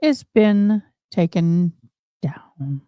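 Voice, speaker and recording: A woman's voice: fairly low pitch, expressive, very slow, clean tone, no echo, dull audio. A woman hosting a casual live stream, chatting and rambling to her viewers, calling them y'all. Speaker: livestream host commenting on court trials.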